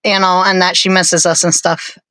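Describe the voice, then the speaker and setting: A woman co-hosting a live stream, chatting casually in a rambling, self-deprecating way with many fillers and pauses. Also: fairly low pitch, flat delivery, bright, forceful tone, rough recording.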